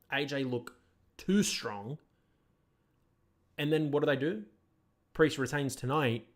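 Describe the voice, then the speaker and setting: A man hosting a podcast, giving casual review commentary in an opinionated, critical way that rambles with restarts. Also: mid-range voice. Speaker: podcast host.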